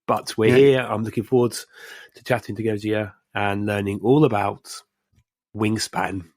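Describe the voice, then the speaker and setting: A male podcast co-host, nasal from a cold, chatting and joking in a relaxed way. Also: fairly low pitch, a little slow, no room sound. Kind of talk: casual chat.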